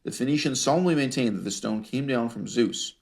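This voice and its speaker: Speaking in a mid-range, gravelly voice with a darkish tone, a man teaches ancient history by reading source passages and commenting on them. He's wry and laughs at his own readings, leaning on rhetorical questions and drawn-out emphasis.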